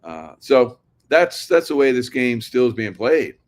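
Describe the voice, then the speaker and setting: A man's voice: medium pitch, sing-song, unhurried. A man talking casually to his viewers, rambling and sarcastic, laughing often. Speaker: political commentary vlogger.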